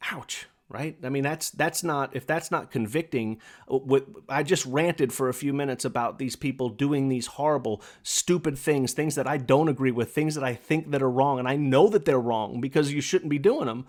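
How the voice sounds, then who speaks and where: A man's voice: medium pitch, moderate pace, few pauses, a little mellow. A man hosting a podcast, delivering an impassioned, preachy monologue with lots of repetition while smoking a pipe. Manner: smokes a pipe while talking. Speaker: podcast host. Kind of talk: opinionated monologue.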